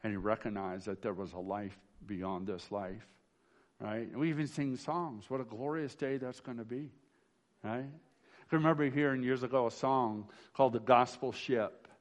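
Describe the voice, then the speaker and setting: A man's voice: mid-range voice, moderate pace. A man, a pastor, giving a memorial sermon in a folksy storytelling way, often restarting phrases and asking "right?". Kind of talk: funeral sermon.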